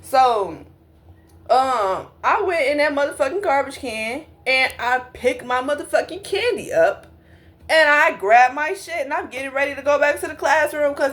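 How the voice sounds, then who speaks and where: Young woman, casual storytime, slangy and profane, talks straight to viewers, slightly high voice. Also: animated, normal speed, fairly bright tone.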